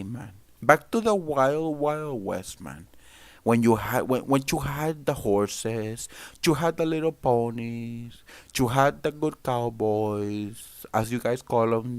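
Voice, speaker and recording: A man's voice: medium pitch, clear, resonant tone, no room sound. Emphatic man hosting a political livestream. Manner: emphatic and loose, with sudden loud outbursts. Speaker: political commentary host. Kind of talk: live political commentary stream.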